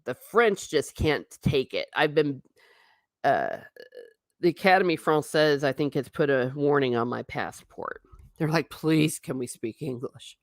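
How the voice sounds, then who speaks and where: Woman streamer, low voice, dry close sound, chatty, rambling, reads comments aloud, from the US. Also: sing-song, unhurried, no echo. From United States. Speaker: livestream host reading chat. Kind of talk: casual livestream chat.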